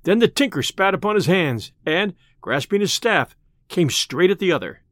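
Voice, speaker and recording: A man reading an old tale aloud in an expressive, theatrical narration. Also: high-pitched, moderate pace, dry recording, studio quality. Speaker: storyteller.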